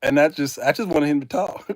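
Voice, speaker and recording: Laughing, lively storytelling man host. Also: fairly high pitch, fairly quick, no room sound, clean studio sound. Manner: animated storytelling, laughing often, addressing viewers as y'all. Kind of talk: casual live-stream chat.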